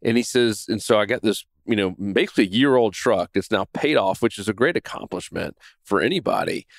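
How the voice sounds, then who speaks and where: A middle-aged man with a fairly low voice tells a true story on his podcast in a casual, earnest way. He stumbles and restarts often and tags his points with a quick "right?". The sound is dry and close, with no room around it. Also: animated, creaky, no room sound. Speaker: podcast host. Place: home in Florida.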